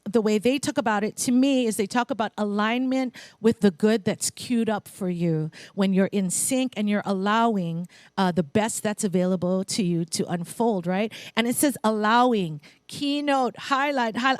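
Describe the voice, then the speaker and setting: A woman giving a relaxed, conversational sermon to her spiritual congregation. She talks in a playful way, breaking off for asides and light laughter. Her voice sounds close and dry. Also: mid-range voice, no room sound. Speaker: speaker at a spiritual center. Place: spiritual center congregation, in Hawaii.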